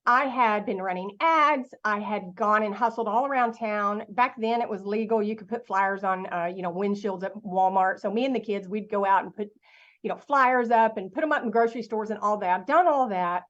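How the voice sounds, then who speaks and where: A middle-aged woman giving a motivational talk to an online audience, telling a lively story and asking her listeners questions. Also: mid-range voice, normal speed, highs cut off. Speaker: guest speaker.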